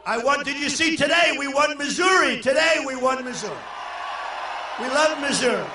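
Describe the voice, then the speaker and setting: An older man from New York giving a boastful, rambling rally speech to a crowd and shouting some lines. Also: very high-pitched, normal speed, noisy background. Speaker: political candidate at a rally. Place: large indoor arena. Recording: echoey hall from far off.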